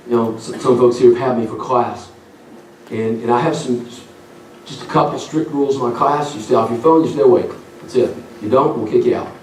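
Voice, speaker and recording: A man's voice: medium pitch, a little mellow. Man, middle-aged, revival sermon, folksy storyteller, roomy hall, faint room noise. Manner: folksy storytelling, acts out voices. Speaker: revival preacher. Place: church sanctuary. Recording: roomy church hall from a distant mic.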